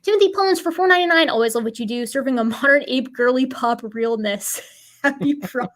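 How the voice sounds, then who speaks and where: A woman hosting a livestream, reading out donations in casual, playful chat with quick chuckling asides. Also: high-pitched, a bit bright. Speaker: livestream host.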